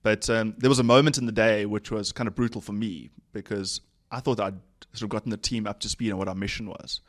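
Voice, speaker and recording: A man's voice: lowish voice, fairly even intonation, quick pace. A man, a company chief executive, telling anecdotes in a casual podcast interview with frequent laughs. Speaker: company CEO, podcast guest.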